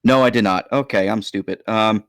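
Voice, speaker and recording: A man's voice: fairly low pitch, normal speed, clean tone, dry recording, studio quality. A man playing in a tabletop game, chatting casually, hesitant and self-deprecating. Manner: self-deprecating, hesitant, laughs at his own slips. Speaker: player.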